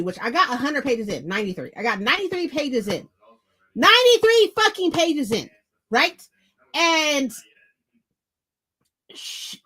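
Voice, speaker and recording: A woman hosting a book vlog, chatting casually to her viewers at home, animated and profane, repeating phrases for emphasis. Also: high voice. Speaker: book vlogger host. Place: indoors at home.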